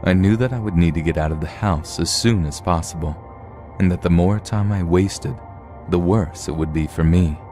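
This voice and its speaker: A man narrating true horror stories in a steady, measured storytelling read. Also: deep voice, faint music behind.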